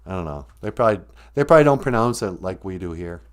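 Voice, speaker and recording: A man in his fifties with a Minnesotan accent, hosting a casual comedic podcast in a playful way, laughing often and drawing phrases out slowly. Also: low voice, animated, clear, resonant tone. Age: 50s. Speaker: podcast host.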